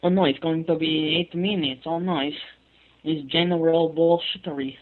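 A man's voice: a little high, steady tone, moderate pace, natural voice. A man putting on a goofy, cartoonish rodent-like voice, rambling and fretting with repeated "oh no"s into a webcam mic. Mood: rambling silly. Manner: rambling, repetitive, fretful "oh no". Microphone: webcam microphone. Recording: tinny phone-like webcam audio.

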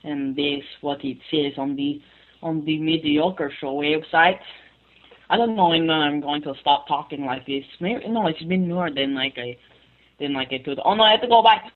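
A man's voice: fairly high pitch, moderate pace, natural voice. A man putting on a goofy, cartoonish rodent-like voice, rambling and fretting with repeated "oh no"s into a webcam mic. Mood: rambling silly. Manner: rambling, repetitive, fretful "oh no". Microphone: webcam microphone. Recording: tinny phone-like webcam audio.

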